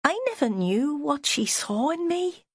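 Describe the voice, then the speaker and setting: A woman reading an audiobook puts on a full character voice, pitched above her own, for an anxious, devoted Liverpool husband with a weedy voice. Her delivery is high, sing-song and measured, with a worried mood. The recording is dry and studio quality.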